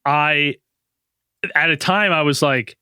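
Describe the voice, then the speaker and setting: Bright, joking podcast host. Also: male voice, on the high side, slow, clean tone, no echo, clean studio sound. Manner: laid-back, joking, laughs often. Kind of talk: casual chat.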